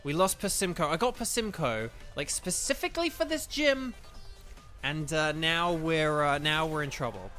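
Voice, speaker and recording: A man commentates his gameplay live, with a fairly high, bright voice that swoops up and down. He is excitable and exclaims a lot between chatty asides to his viewers. Game music plays faintly behind him. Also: moderate pace. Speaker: gaming video host.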